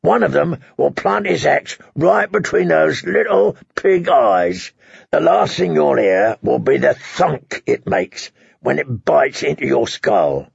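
A man plays a spiteful, bitter dog handler in a storybook reading. He talks with scorn and a gravelly rasp, threats said slowly. The sound is dry and dull. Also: a little high, sing-song, no echo, exaggerated voice. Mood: sneering, bitter. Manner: sneering, scornful.

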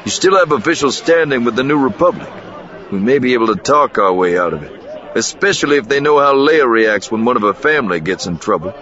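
A man's voice: mid-range voice, lively intonation, fairly quick, a bit bright, dull audio, voice pushed up, natural voice. A male narrator voicing a wry, persuasive male gambler.

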